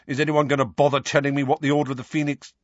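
A man's voice: a little high, little pitch movement, very fast, no room sound, lo-fi sound, voice pushed up, natural voice. A man doing an angry teenage boy. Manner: sharp and demanding.

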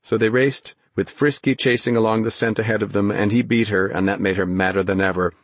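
Male audiobook narrator, husky, low, steady telling, dry booth sound. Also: fast talker, no room sound. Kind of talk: scripted narration.

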